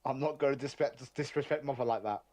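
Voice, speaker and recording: A man's voice: mid-range voice, fast talker, warm tone. A man playing a tabletop game, describing his character's actions in a joking, casual way. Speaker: player.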